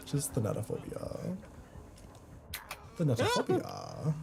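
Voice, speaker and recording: A man's voice: mid-range voice, wildly swooping pitch, measured pace, creaky, long pauses. A man streaming a game, chatting casually with friends, joking and laughing often. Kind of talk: casual chat while gaming.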